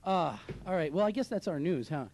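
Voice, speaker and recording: A young man co-hosting a casual radio show, tossing in teasing wisecracks and quick jabs. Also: sits high, expressive, darkish tone. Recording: clearly audible clicks and background noise.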